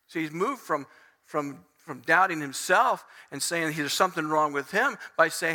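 Male pastor, high bright voice, chatty sermon delivery, long hall reverb. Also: lively intonation, moderate pace. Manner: conversational preaching, voicing the psalmist's complaints.

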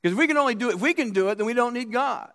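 A pastor preaching a sermon in a church, his voice sitting fairly high for a man. He tells stories emphatically and acts out the characters' quotes, often restarting his sentences. The sound carries a long reverb from the hall. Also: lively intonation, very fast, a bit bright. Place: church sanctuary.

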